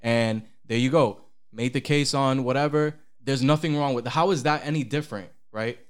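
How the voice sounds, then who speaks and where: A man co-hosting a podcast in casual chat, animated and profane, with big pitch swings when he quotes people. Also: normal speed, clean tone. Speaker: podcast co-host.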